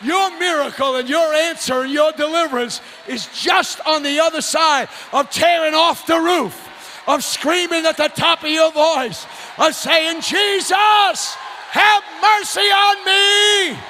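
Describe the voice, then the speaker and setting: High-pitched shouting preacher man. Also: steady tone, a little slow, a faint crowd, slight background noise. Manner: shouting, whooping, folksy and rousing. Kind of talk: fiery revival sermon. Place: church sanctuary.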